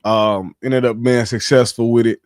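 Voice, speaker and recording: Animated slangy man telling a story. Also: medium pitch, moderate pace, clear, resonant tone, no echo, studio quality. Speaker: livestream trader telling his story. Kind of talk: casual livestream chat.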